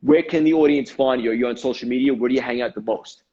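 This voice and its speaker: A man's voice: medium pitch, fast, mellow. A man hosting a podcast interview, effusive and encouraging toward his guest. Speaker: podcast host. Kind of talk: casual interview chat. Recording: slightly dull, lo-fi sound.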